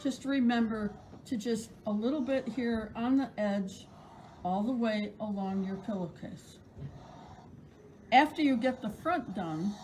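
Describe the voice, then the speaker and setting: A woman's voice: a little high, a little mellow, slight background noise, rough recording. A middle-aged woman teaching sewing in a shop, chatty, playful and encouraging. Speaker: sewing instructor. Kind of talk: live sewing demonstration.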